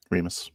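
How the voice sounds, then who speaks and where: A man narrating a tabletop game as game master, halting often with fillers and restarts. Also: no echo, studio quality.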